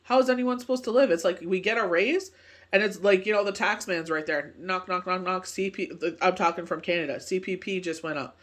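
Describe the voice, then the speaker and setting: A woman's voice: lowish voice, a little fast, fairly bright tone. A woman doing a casual, rambling tarot card reading, full of filler phrases and asides. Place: speaking from Canada.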